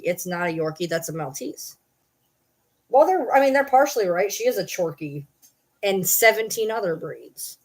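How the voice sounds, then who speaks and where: A vlogger chats casually to camera in a loose, rambling way, cussing freely and breaking off mid-sentence again and again to talk to her dogs. Her mid-range voice is husky and expressive, swooping up and down at a normal speed.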